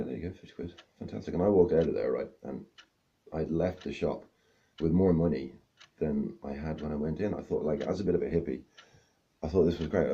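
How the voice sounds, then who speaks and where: Very deep-voiced rambling stand-up man. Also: warm tone, dull audio. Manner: rambling, self-mocking storytelling. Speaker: stand-up comedian. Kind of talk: stand-up storytelling.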